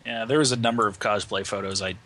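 A man's voice: fairly low pitch, steady tone, fast talker, sharp tone. A man on a podcast chatting casually in a matter-of-fact way.

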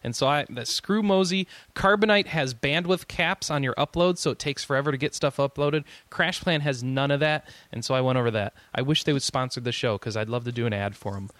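A man's voice: mid-range voice, fairly quick, hardly any pauses, a bit bright, dry recording. A man hosting a podcast in casual chat, rambling with jokey asides and frequent chuckles. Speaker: podcast host.

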